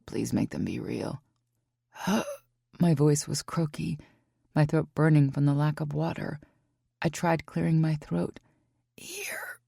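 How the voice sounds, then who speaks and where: A woman narrates a romance audiobook in a low, gravelly voice. Her tone is dark and husky, the delivery intimate and emotive. The recording is dry and close. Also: unhurried, pauses often, no room sound. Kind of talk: scripted first-person romance narration.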